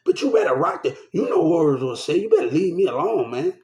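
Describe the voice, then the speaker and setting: A man's voice: on the high side, very animated, a little fast, a little mellow, echoey room. An upset man ranting to the camera, agitated and repeating himself, shaken and swearing. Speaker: vlogger. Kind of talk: angry rant to camera.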